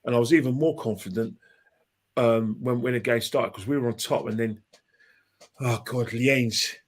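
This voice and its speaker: A man's voice: medium pitch, normal speed. A man telling a long football story as a podcast guest, rambling and impassioned, with many restarts and repeated phrases. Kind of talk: casual anecdotal storytelling.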